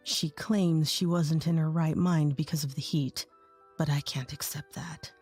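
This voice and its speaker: A woman's voice: low voice, fairly even intonation, unhurried, darkish tone, husky, faint music behind, pitched below the performer's own voice, full character voice. A woman voicing an earnest, remorseful young husband. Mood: serious. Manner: earnest, apologetic.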